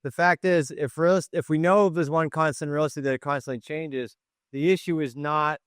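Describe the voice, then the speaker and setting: A man's voice: on the high side, fairly even intonation, a little fast, fairly bright tone, clean tone, dry recording, studio quality. A man hosting a podcast in casual chat, joking and rambling as he thinks aloud. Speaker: podcast host and coach.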